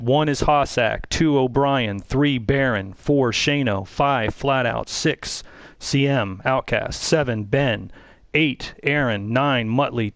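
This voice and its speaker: A man running a pre-race drivers' briefing for an online racing league, relaxed and rambling, with frequent restarts. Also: mid-range voice, no echo, poor audio. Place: online voice chat.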